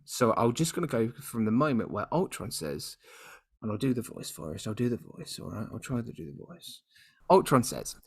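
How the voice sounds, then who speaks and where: A young man co-hosting a podcast, reading fan fiction aloud and keeps breaking into laughter. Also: medium pitch. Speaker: podcast co-host.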